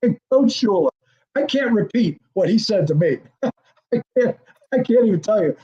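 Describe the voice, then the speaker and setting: With a high voice at a moderate pace, an older man who used to be a football coordinator shares a tale as an interview guest, voicing the dialogue himself. The sound is muffled; he tells it animatedly and laughs frequently.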